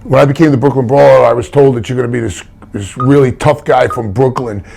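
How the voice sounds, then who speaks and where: A man's voice: medium pitch, fairly even intonation, fast, vocal fry, a little mellow, breathy edge. An older man, a retired wrestler telling stories in a casual interview, blunt and rambling with many restarts.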